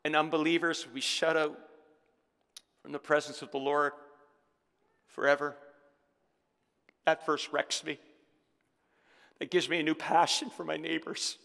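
A man's voice: fairly high pitch, flat delivery, unhurried, vocal fry, pauses often, sharp tone, in a large hall. A man preaching a sermon as pastor, calling out to the congregation with rising fervor, recorded in a church sanctuary.

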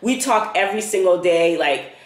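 A woman's voice: lowish voice, normal speed, roomy sound. A young woman vlogger telling a travel story in a casual, slangy way, acting out both sides of the conversation. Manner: animated retelling, acts out dialogue, slangy. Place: rented apartment room.

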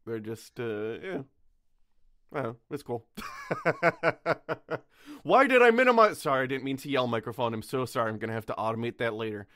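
A man's voice: mid-range voice, a bit bright, no room sound, clean studio sound. A man co-hosting a podcast, chatting casually in a rambling way with laughs. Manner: rambling, laughing, quick asides. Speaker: podcast co-host. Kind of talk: casual chat.

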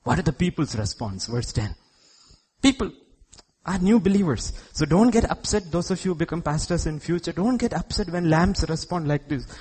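A middle-aged man from India preaches a dramatic sermon, voicing God's words himself. His voice is husky and sits a little high for a man, and it swings widely between near-whispers and loud, lively bursts. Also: moderate pace. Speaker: pastor. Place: church.

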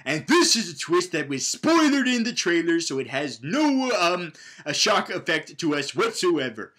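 High-voiced man ranting sarcastically. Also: big pitch swings, moderate pace, fairly bright tone. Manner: rambling, sarcastic, profane, many restarts. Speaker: movie reviewer. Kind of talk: comedic movie recap with voiced characters.

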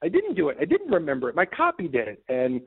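Halting man on a tinny phone line. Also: fairly high pitch, huge pitch swings, husky. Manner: halting, many fillers and restarts. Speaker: interview guest. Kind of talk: casual storytelling. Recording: tinny phone-like call audio.

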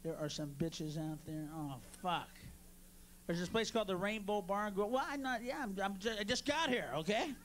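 A man doing a stand-up routine on a club stage, brash and profane, working the crowd and bursting into shouts. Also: high-pitched, normal speed, a little hiss or hum. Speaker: stand-up comedian.

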